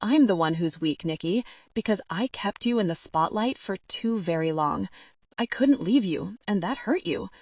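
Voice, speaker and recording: A woman voicing a withdrawn billionaire man in an audiobook, speaking with a steady, maddening calm. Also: medium pitch, normal speed.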